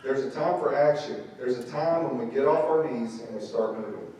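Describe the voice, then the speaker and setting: A man preaching a midweek sermon as pastor, an animated storyteller who acts out the voices, far from the mic in a church sanctuary. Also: medium pitch, a little fast, very echoey.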